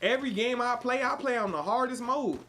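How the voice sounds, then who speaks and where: A man's voice: very high-pitched, expressive, a little fast, sharp tone, a little hiss or hum. A man from Chicago live-streaming a game and chatting with viewers in a playful put-on Southern cowboy drawl. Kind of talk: live gameplay stream chat.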